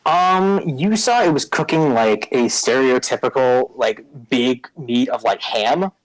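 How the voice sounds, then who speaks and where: A man's voice: mid-range voice, lively intonation, measured pace, rough recording. A man narrating as game master of a tabletop game, in a casual, rambling way, full of fillers.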